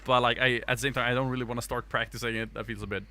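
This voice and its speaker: Bright-toned Swedish-accented man, rambling. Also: mid-range voice, flat delivery, racing, slight background noise. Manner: rambling, hesitant, lots of fillers and restarts. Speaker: podcast co-host. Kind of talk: casual podcast chat.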